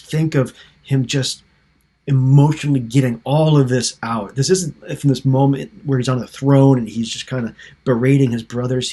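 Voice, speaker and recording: A man's voice: medium pitch, dark tone, slightly rough. A man teaching a Bible study, talking earnestly and often restarting his sentences as he retells scripture. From United States. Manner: earnest, with frequent restarts and emotive paraphrase of scripture.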